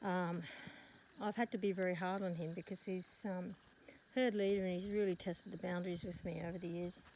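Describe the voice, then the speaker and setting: Walking her rural property with a handheld phone, a woman who runs an animal rescue rambles breathlessly, breaking off mid-story to scold and coax her dogs. Her lowish, slightly mellow voice is flat and fairly quick, and the noisy outdoor recording picks up dogs and farm animals.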